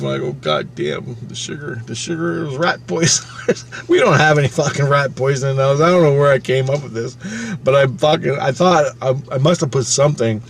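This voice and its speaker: A man's voice: mid-range voice, a little hiss or hum. Man swearing through a frantic personal story. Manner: swears freely, acts out his own past thoughts with sudden loud and quiet swings. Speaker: channel host recounting a personal experience. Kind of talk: casual spoken storytelling.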